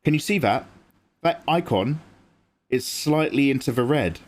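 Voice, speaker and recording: In a medium-pitched, animated voice and at a measured pace, a young man from England streams himself drawing. Chatty throughout, he reads and replies to viewer messages and explains what he's doing.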